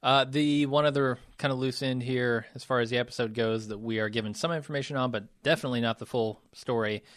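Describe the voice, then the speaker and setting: A man co-hosting a podcast, chatting in a measured, analytical way. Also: medium pitch, steady tone, fairly bright tone, no echo, clean studio sound. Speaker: podcast co-host. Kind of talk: casual chat.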